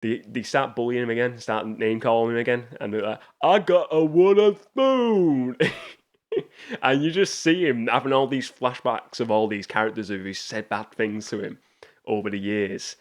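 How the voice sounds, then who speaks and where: A man hosts a casual movie review show, with a middle-pitched voice. He talks with eager enthusiasm, restarting sentences and wandering into asides as he goes. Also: steady tone, normal speed. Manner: enthusiastic, rambling, frequent restarts. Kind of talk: casual film review commentary.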